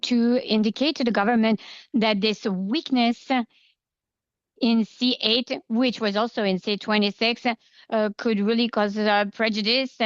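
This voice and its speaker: A woman interpreting a committee chair live into English, steady, with frequent filler pauses. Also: mid-range voice, clear, resonant tone, no echo. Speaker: simultaneous interpreter. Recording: dull lo-fi interpretation feed.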